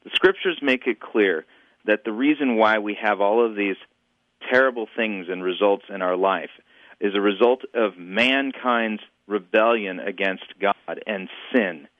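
A man's voice: lowish voice, no echo, narrow, tinny audio. A man who is a guest on a radio talk show, explaining things in an earnest, doctrinal way. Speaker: guest, internet radio host.

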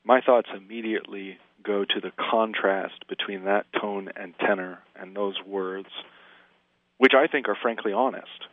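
A man talking earnestly through scripture in conversation, slowing down when he quotes it. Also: low voice, no room sound. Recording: dry tinny phone-like audio.

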